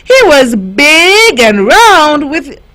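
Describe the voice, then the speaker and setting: Female storyteller for children, high-ish voice, unhurried, very expressive. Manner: slow, expressive read-aloud with lively voices. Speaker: youth radio host.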